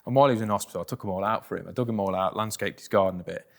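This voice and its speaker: British male guest, low voice, plain-spoken, halting with fillers. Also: creaky. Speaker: interview guest. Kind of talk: candid personal storytelling.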